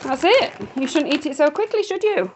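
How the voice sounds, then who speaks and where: A woman's voice: high voice, animated, fairly quick, background noise. A woman casually talking to a crowd of dogs, calling them by name, praising and scolding them with firm commands. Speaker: dog rescue carer.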